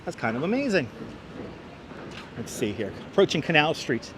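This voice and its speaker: A man's voice: fairly high pitch, big pitch swings. Chatty man livestreaming on city streets. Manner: chatty, greets viewers by name, quick bursts. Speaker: livestream host walking the city. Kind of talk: live walking-tour commentary, reading chat. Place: outdoors on busy city streets. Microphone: wireless clip-on mic, phone camera on a gimbal. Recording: faint street traffic behind.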